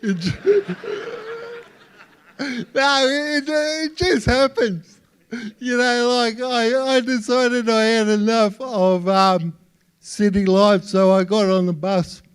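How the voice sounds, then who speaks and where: A man with an Australian accent doing stand-up comedy for a live audience, with a halting delivery full of repeated words. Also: extremely high pitch, clear, resonant tone. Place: live stage before an audience.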